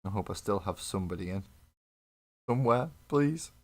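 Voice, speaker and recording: A man chats casually on a live painting stream from his desk, rambling, joking and trading self-deprecating banter with viewers. His voice is on the low side, with lively intonation and a moderate pace, picked up by a desk mic on a live webcam stream.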